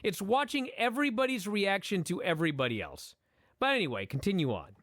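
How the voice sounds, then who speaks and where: Animated, profane man talking wrestling. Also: high-pitched, fairly quick, no room sound, studio quality. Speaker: podcast co-host. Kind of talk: casual chat, wrestling review.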